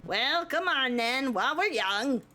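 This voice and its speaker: A blunt prison guard, voiced by a woman who talks casually and mocks everyone. The tone is bright and forceful, and the pitch is lively. There is faint music behind him. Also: unhurried, full character voice. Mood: mocking. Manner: casual and mocking. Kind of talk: reading a visual novel aloud.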